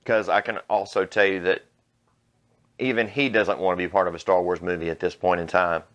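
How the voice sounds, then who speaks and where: A man's voice: low voice, fairly even intonation, fairly quick, fairly bright tone. A man hosting his own channel, delivering a blunt, mocking, profane opinion rant. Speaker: vlog host. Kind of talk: ranting opinion commentary.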